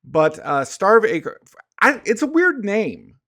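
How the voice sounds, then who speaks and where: A man's voice: high voice, very animated, slow pace, pushed and bright. A man co-hosting a podcast, chatting casually about films in a laid-back way with plenty of agreeing fillers. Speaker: podcast co-host. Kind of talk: casual chat about movies.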